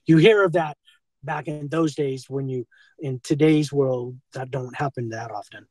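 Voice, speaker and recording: Older American man, husky voice, rambling, filler-heavy; dry handheld-phone sound. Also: medium pitch, measured pace, a little mellow, no room sound, low-quality recording. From United States. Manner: rambling, keeps saying "okay" and "and so forth". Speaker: former school teacher being confronted. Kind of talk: rambling confrontation talk. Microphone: filmed on a handheld phone.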